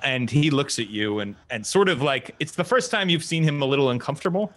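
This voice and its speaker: Male game master for a tabletop game, mid-pitch, easygoing delivery, voices characters in quotes. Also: fairly quick. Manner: relaxed, plays characters in quotes.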